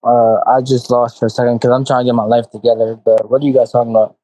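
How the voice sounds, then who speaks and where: A man in a casual podcast chat, speaking in a mellow way and mostly agreeing with the others. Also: medium pitch, flat delivery, fast talker, rough recording.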